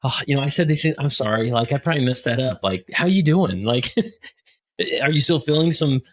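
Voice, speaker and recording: Husky-voiced man hosting a casual interview. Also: mid-range voice, normal speed. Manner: animated, acts out quoted voices. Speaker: podcast host.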